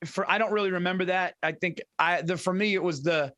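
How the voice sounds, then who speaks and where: A man's voice: high-pitched, brisk, bright, forceful tone. Loose, chatty man saying "dude" constantly. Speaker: podcast co-host. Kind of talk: casual chat.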